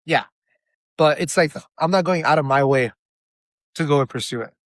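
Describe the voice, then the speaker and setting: A man's voice: fairly high pitch, normal speed, no room sound. A young man from Miami, a guest telling stories in a casual chat over a video call. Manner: chatty, animated storyteller.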